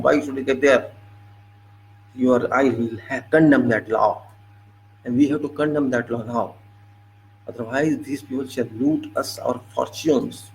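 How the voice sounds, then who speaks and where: A man's voice: medium pitch, gravelly, a little mellow, slight background noise, rough recording. A man giving an impassioned political monologue, indignant and lecturing, repeating his points over and over. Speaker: political commentator.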